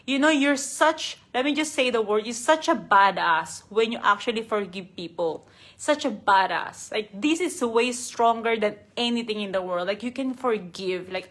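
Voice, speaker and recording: A woman's voice: fairly high pitch, expressive, moderate pace, a bit bright. Earnest woman giving a heartfelt live talk. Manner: heartfelt, earnest, repeats and restarts words. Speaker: life coach hosting a live stream. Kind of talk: unscripted motivational talk.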